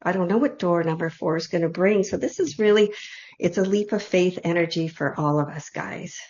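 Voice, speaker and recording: A woman leading an online group reading, speaking softly and heartfelt in loose, run-on phrases. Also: fairly low pitch, normal speed. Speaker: intuitive reader leading an online group session. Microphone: video call. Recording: dull lo-fi video call audio.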